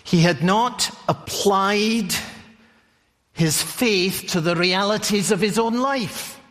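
A male preacher delivering a sermon at a very slow, deliberate pace, telling the story and putting questions to his listeners. His voice sits a bit higher than most men's, and a long hall reverb trails every phrase. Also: a bit bright.

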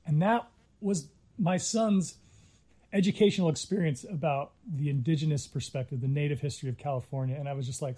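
A middle-aged man speaks earnestly as an interview guest. His voice is mellow and a little high, and he often restarts his sentences as he tells a long story. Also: moderate pace. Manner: earnest, reflective, with frequent restarts. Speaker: interviewee, Native filmmaker.

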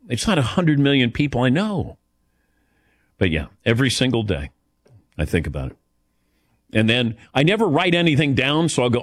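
A middle-aged man hosts a call-in talk show, his pitch swinging widely as he rambles and pokes fun at himself. The sound is dry and close, with little room around his voice. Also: normal speed, long pauses, no echo. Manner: self-deprecating, rambling, animated. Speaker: radio show host. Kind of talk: casual call-in chat.

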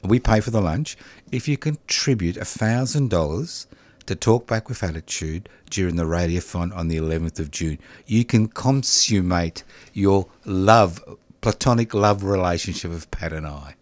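A man's voice: low voice, normal speed, no room sound. An Australian man co-hosting a radio talk show, joking and mock-outraged in sarcastic banter. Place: radio studio.

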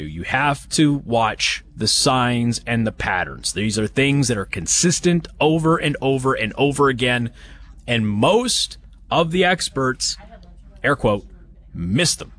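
A man's voice: mid-range voice, a bit bright. Man hosting chatty opinionated talk radio. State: has hiccups. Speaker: radio talk show host. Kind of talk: live talk radio monologue. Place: live broadcast at a banquet hall event.

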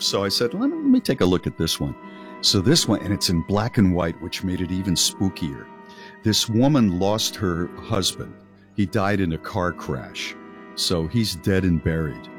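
A man co-hosting a radio talk show, retelling a spooky story in a casual chat and acting out the voices in it. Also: deep voice. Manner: animated, acts out quoted voices in a story.

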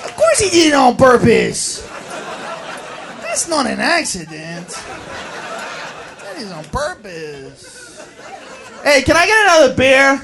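High-pitched ranting stand-up comic. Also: male voice, wildly swooping pitch, slow pace, long pauses, noisy background. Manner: loud, crude, ranting. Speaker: stand-up comedian. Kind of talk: stand-up comedy. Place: comedy club stage. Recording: live club with crowd laughter.

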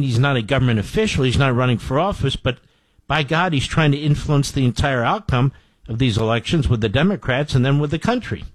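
Recorded dry, a man with a higher-pitched voice hosts a political talk show and delivers an opinionated monologue. He sounds indignant and emphatic, repeating phrases to drive them home.

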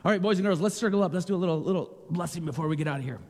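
A man giving a playful children's sermon with a naturally loud voice, asking the kids questions and joking with them. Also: sits high, racing, long reverb tail, slight background noise. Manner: playful, asks children questions, repeats jokes.

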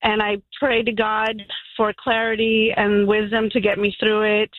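A woman calling in to a radio show, telling her story with excitement and emotion. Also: mid-range voice, normal speed, no room sound. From Florida. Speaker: caller. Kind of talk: call-in radio testimony. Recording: tinny phone line.

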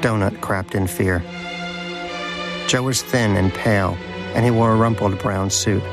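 A man reads an audiobook with a lowish voice and a wry, deadpan delivery. Music plays steadily behind him. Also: measured pace. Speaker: narrator. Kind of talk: audiobook narration.

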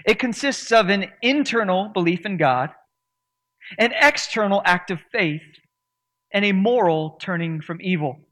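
Male pastor preaching with earnest emphasis, high-pitched voice. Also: measured pace, a bit bright. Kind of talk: sermon.

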